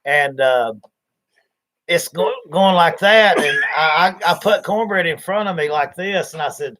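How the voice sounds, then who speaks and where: A man's voice: a little high, measured pace, fairly bright tone. A man, hosting a livestream and telling rambling, folksy stories, acting out the voices. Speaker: livestream host. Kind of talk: casual storytelling chat.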